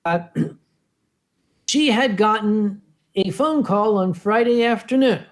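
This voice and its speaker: A man's voice: high-pitched, slow pace. Man telling a convention war story. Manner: lively storyteller who acts out the quotes. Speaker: convention organizer. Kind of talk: anecdote told on a convention panel.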